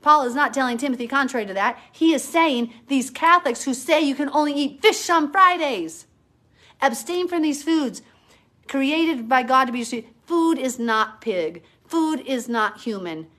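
Woman, live-stream Bible teacher, fervent and argumentative, slightly high voice. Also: normal speed, pushed and bright. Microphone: phone or webcam, live stream.

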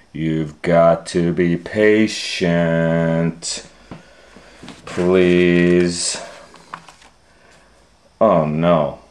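A man reads a children's picture book aloud at a very slow, unhurried pace. His voice sits a little low. He swings between loud scolding calls and soft, hushed asides. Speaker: storytime host reading a picture book.

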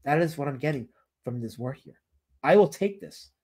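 A man's voice: mid-range voice, animated, moderate pace, a little mellow, slightly rough. A man streaming live, reading out chat comments in a casual, teasing, mock-dramatic way.

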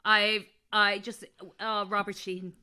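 Slow, wry woman. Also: mid-range voice, level tone, sharp tone, smooth. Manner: wry, dryly mocking. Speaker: podcast co-host. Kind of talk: casual podcast banter.

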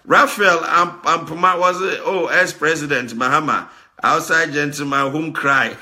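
Ghanaian guy on a talk show, fairly high voice, loud emphatic commentary, laughs a lot. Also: normal speed. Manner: lively, emphatic, repeats words, laughs often. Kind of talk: animated commentary mixing Twi and English.

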